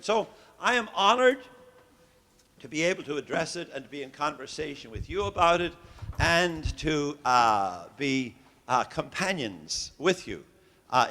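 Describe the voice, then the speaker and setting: In a lecture hall, a visiting Irish professor gives religious educators a genial, joking talk, hesitating often. His voice is on the high side, with a sharp tone and an Irish accent.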